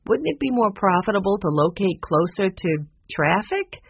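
A nervous, defensive innkeeper woman, read by an audiobook narrator, her husky voice pitched high and hesitant. She swings through a lively range of pitch, and the recording sounds dull and lo-fi. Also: moderate pace. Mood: uneasy.

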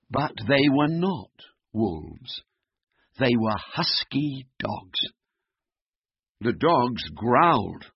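A man reading a children's picture book aloud in a slow, lively, expressive way. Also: medium pitch, creaky, husky, no room sound. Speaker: storyteller. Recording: dull, muffled recording.

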